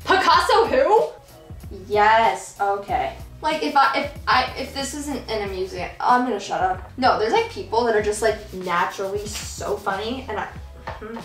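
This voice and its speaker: A woman's voice: mid-range voice, normal speed. A young woman vlogger chatting casually while she paints, rambling and giggly, filling her talk with "like". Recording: echoey room with soft background music.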